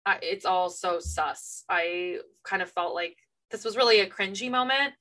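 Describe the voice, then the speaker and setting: A woman's voice: mid-range voice, normal speed, sharp tone. A woman co-hosting a book club podcast, chatting casually about a novel. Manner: chatty, reacting with surprise. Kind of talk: casual chat.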